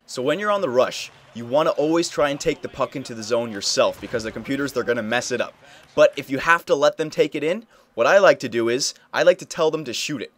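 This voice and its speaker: A young man talking through gameplay footage in a relaxed tutorial. His voice sits at an ordinary middle pitch. He coaches the listener and keeps asking "okay?" to check they follow. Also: quick pace. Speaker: video game tutorial host. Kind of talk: casual gameplay tutorial commentary.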